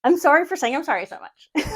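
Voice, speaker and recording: A woman giving a casual tour of her home sewing studio, rambling, self-deprecating and laughing often. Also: extremely high pitch. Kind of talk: casual chat.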